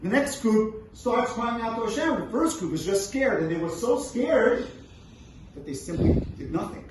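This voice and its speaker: A man's voice: high voice, animated, normal speed. A man teaching a Torah lesson as a rabbi, reading verses, translating them, and pressing with rhetorical questions. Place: event room at a brunch. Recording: very echoey room from far off, faint noise.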